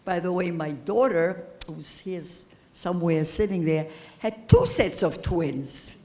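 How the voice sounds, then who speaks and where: A woman in her eighties giving a personal testimony as keynote speaker, slow and halting, repeating phrases as she grows emotional. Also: fairly low pitch, big pitch swings, darkish tone. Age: 80s. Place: high school event hall.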